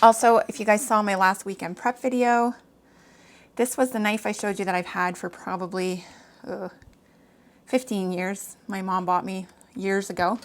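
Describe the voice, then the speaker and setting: A woman's voice: medium pitch, fairly even intonation, normal speed, a little hiss or hum. A woman in her thirties from Canada, chatting to viewers while cooking in her kitchen, a little out of breath. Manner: chatty, talks straight to viewers. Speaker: home cooking vlogger. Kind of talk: casual cooking vlog chat. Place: home kitchen.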